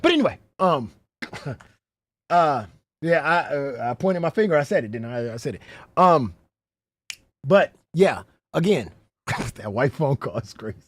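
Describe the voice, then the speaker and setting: A man's voice: medium pitch, sing-song, unhurried, long pauses, breathy edge. A man hosting a casual livestream, rambling, swearing freely and breaking into laughter often. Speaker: livestream host.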